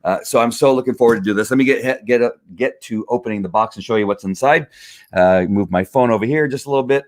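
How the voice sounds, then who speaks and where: A man's voice: mid-range voice, fast. A man in his home studio, rambling casually with many fillers while unboxing a gift on a live stream, a little out of breath.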